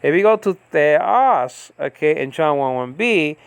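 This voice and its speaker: Gravelly man teaching with many pauses. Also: on the high side, lively intonation, dry recording. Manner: explains slowly with many fillers and checks. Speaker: Greek language teacher. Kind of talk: recorded lesson. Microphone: recording on a device he operates.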